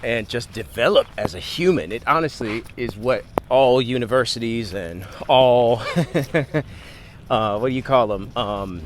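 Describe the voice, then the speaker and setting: A man's voice: medium pitch, a little slow, slight background noise. A male actor giving an earnest, heartfelt testimonial about his artistic home.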